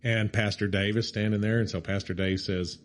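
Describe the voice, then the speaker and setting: A middle-aged man co-hosting a casual chat, telling an animated story, acting out what people said and laughing often. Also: on the low side, normal speed, a little hiss or hum. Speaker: podcast co-host.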